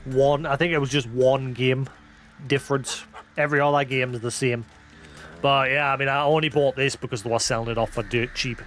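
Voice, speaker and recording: A man's voice: medium pitch, fairly even intonation, fairly quick, fairly bright tone, slight background noise. A man who hosts a live stream, chatting casually, rambling and self-deprecating, thinking aloud with many restarts. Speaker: livestream host.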